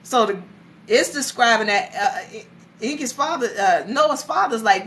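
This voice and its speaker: A woman giving a casual, animated lecture, retelling stories conversationally. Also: on the high side, unhurried, slight background noise. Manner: animated, conversational, acts out voices. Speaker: teacher.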